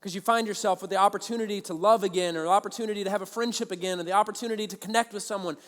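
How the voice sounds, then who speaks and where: A man preaching a sermon as a pastor, telling stories in an animated way and acting out both sides of conversations. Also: sits high, racing, long reverb tail. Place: large church auditorium.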